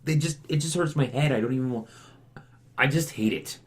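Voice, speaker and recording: A man's voice: medium pitch, fairly quick. A young man from western Canada chatting about politics in an exasperated, sarcastic way, acting out mocking voices. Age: young adult. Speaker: co-host. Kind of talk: casual political chat.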